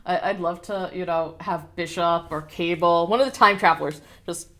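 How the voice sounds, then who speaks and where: A woman's voice: fairly low pitch, moderate pace, a bit bright. A woman co-hosting a casual toy review, chatty, playful and ready with her opinions. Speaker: co-host of a toy review show.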